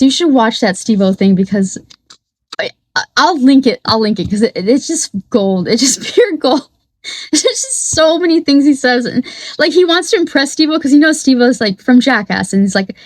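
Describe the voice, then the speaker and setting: A woman's voice: high voice, no room sound. Rambling, laughing woman host. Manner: rambling, laughing, swearing freely. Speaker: podcast host. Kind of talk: casual solo commentary. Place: her home studio.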